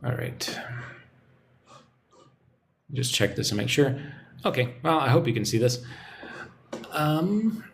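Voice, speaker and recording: A man teaches English on a live stream, talking slowly and without hurry. His pitch moves a lot as he chats, and there is a faint hum of noise behind him. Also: creaky. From United States. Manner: relaxed and chatty, reading out viewer comments.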